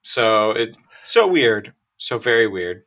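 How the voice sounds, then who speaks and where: A man's voice: fairly low pitch, sing-song, slow, fairly bright tone. A man co-hosting a podcast, explaining a news story with wry laughs. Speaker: podcast co-host. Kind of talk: casual banter.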